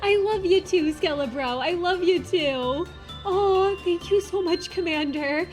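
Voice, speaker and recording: A woman VTuber streamer chatting casually on a live stream, gushing and excitedly thanking her chat. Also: very high-pitched, unhurried, soft background music.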